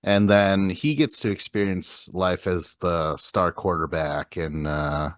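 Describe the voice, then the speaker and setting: Deep-voiced man in dry casual podcast talk. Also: slow, no room sound. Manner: laid-back, swears casually, laughs often. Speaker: podcast co-host. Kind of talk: casual chat about movies.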